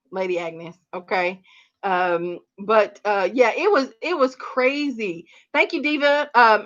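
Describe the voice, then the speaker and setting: Woman, gardening livestream host, casual chat, animated, bright forceful voice, slightly dull lo-fi stream audio. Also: mid-range voice. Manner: animated, chatty, addresses viewers as honey and y'all.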